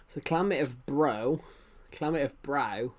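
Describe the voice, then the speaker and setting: Casting note: young male streamer, chatty and rambling, mid-pitched voice, talks straight to his viewers. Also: normal speed. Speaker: livestreamer. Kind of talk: casual live-stream chat.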